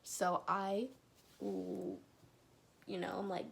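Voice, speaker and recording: Slow, gravelly-voiced young woman rambling. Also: mid-range voice. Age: young adult. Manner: slow, rambling, drops into whispers and laughs. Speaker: vlogger telling a personal story. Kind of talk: casual storytime chat.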